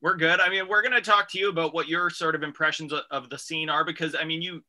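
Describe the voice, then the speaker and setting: Male radio host, energetic and jokey, very bright tone, sits a bit high. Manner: energetic, jokey, drawn-out announcer delivery. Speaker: radio comedy show host. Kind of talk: upbeat radio show hosting.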